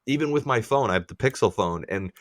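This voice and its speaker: Low-voiced profane man ranting on a podcast. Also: quick pace, dry recording, studio quality. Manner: profane, ranting, animated complaints. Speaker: podcast co-host. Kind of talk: casual chat.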